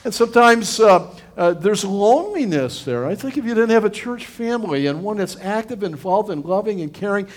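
A man's voice: sits high, lively intonation, moderate pace, hardly any pauses. A middle-aged male pastor giving a conversational sermon, earnest and rambling, with frequent restarts and fillers.

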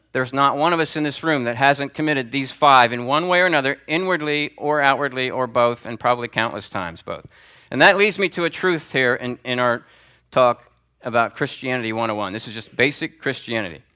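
Bright-voiced man teaching a Sunday class. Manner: conversational, calls on students by name; lively, pitch swings for emphasis. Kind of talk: teaching sermon. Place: church classroom before a group.

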